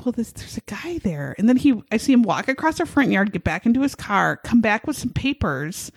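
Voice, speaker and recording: A woman's voice: fairly high pitch, sing-song, a little fast, creaky, dry recording. A woman co-hosting a casual chat, telling a story animatedly, acting out quotes and swearing freely. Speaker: podcast co-host.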